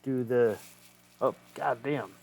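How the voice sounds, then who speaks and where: Slow, easygoing man narrating a repair. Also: mid-range voice, creaky, a little mellow, slight background noise. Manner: swears freely, thinks aloud while working. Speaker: retro game collector. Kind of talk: casual hands-on repair vlog.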